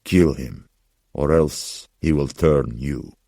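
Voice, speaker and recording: A man voicing a somber old pawnbroker who speaks in a slow, grave, measured way. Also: very deep voice, vocal fry, warm tone, no room sound, clean studio sound, exaggerated voice. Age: older.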